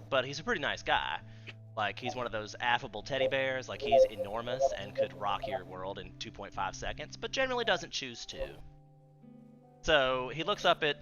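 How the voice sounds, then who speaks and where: Male game master over background music. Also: medium pitch. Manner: casual, self-deprecating, quick asides. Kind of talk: narrating a tabletop game.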